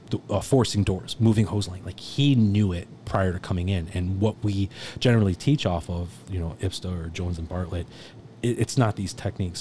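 A man's voice: sits low, darkish tone, slight background noise. A middle-aged man, a firefighter instructor, telling stories in a casual, rambling, profane way with lots of restarts. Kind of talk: casual storytelling.

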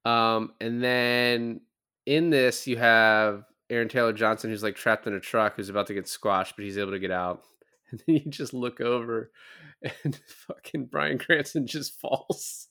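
A young adult man co-hosting a casual movie podcast, recapping scenes with lively, profane commentary. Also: mid-range voice, unhurried, clean tone. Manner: animated recapping with lots of swearing. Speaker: podcast co-host.

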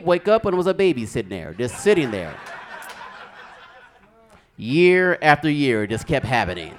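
A man doing stand-up comedy, telling animated stories with sound effects on stage. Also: mid-range voice, a little hiss or hum.

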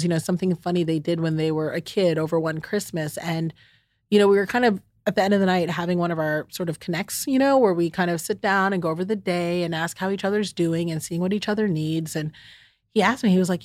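A woman's voice: on the low side, no echo, studio quality. A middle-aged woman, hosting a heartfelt solo chat and speaking candidly and directly to her listeners. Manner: warm, candid, talks straight to the listener as "friend" and "y'all". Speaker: podcast host.

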